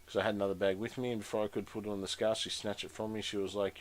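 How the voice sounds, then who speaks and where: A man's voice: fairly low pitch, level tone, very fast. Man muttering through a build. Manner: chatty, muttering while concentrating. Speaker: live-stream host building a model. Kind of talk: casual live build chat.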